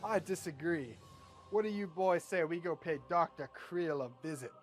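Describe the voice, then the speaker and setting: A man's voice: fairly high pitch, moderate pace, soft background music, natural voice. A man doing a brash, cursing hero leader. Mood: cocky. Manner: swaggering, cursing, pushy salesman. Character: brash foul-mouthed male superhero team leader.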